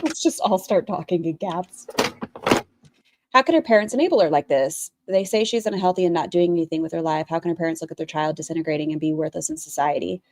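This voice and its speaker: A woman's voice: lowish voice, fast talker, a little mellow. A woman streamer giving blunt, opinionated commentary while reacting to another stream and talking to her chat.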